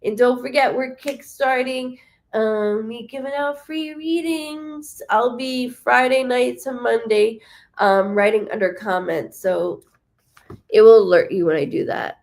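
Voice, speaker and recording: A woman medium hosting a live-streamed reading, chatty and animated, rambling with many fillers, in a warm room with the window open. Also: a little high, a little slow, vocal fry. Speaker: psychic medium host.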